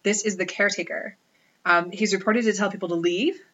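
Bright, wry woman co-hosting a podcast. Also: mid-range voice, steady tone, a little fast, highs cut off. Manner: storytelling, wry and joking. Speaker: podcast co-host. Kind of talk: casual chat.

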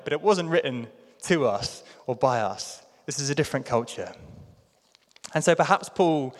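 With a big-room sound, a mid-range voice belongs to a British-accented man from London preaching in a church hall. His sermon is chatty and self-mocking, and he puts on playful voices for quotes.

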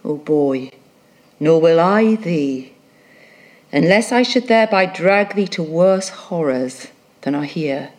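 A woman's voice: low voice, expressive, slow pace, darkish tone. A woman reading an audiobook, voicing a brooding, fierce old sea captain in a declamatory, commanding way. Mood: solemn.

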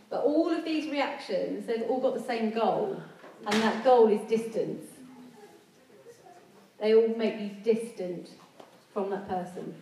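A woman's voice: mid-range voice, slow pace, dark tone, slight background noise. A woman giving an earnest, conversational sermon, acting out the voices of the people in her stories. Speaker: preacher. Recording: echoey hall, speaker far from mic.

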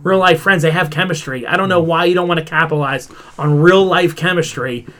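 A man's voice: on the high side, a little fast, fairly bright tone, a little hiss or hum. A man co-hosting a casual wrestling podcast, rambling and retelling stories with lots of "he's like". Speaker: podcast co-host.

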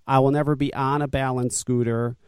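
A man's voice: medium pitch, little pitch movement, a little fast, a little mellow, clear, resonant tone, dry recording. A man hosting a podcast in casual chat, blunt and profane, often ranting and grumbling. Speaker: podcast host and vape shop owner.

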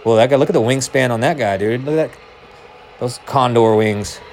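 A man casually commenting on a baseball game as he watches, rambling, joking and swearing, with sudden excited outbursts. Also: mid-range voice, fairly quick. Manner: rambling, profane, jokey, prone to excited outbursts. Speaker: baseball watch-along streamer.

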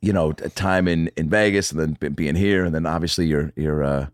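A man's voice: extremely low pitch, fairly quick, no room sound, studio quality. A man chatting casually as a podcast guest, telling stories with lots of swearing and acted-out quotes. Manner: animated storyteller, swears, acts out quotes. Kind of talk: casual chat.

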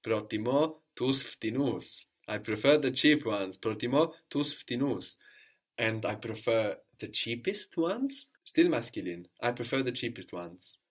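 A man's voice: mid-range voice, expressive, unhurried, breathy edge. A man teaching a Greek lesson, patiently explaining grammar step by step and prompting his student with questions.

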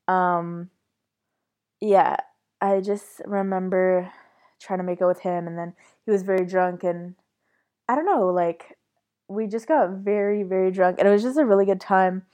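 Young woman host, casual rambling storyteller, mid-pitched, swears a lot. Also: a little mellow. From Canada. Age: young adult. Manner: rambling, swearing, frequent fillers. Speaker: podcast host.

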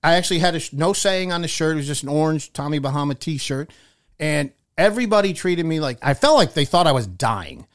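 A man co-hosting a radio talk show, telling a wry, animated story in casual chat. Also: a little high, fairly quick.

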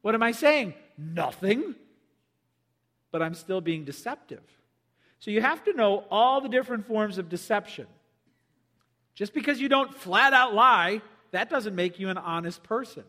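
A man preaching a sermon as pastor, animated and acting out the voices of people he quotes. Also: sits high, unhurried, big-room sound.

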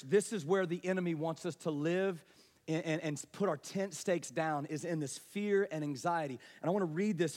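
High-voiced preacher in a reverberant hall. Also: male voice. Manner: passionate, swings between hushed and raised delivery. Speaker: pastor. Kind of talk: sermon.

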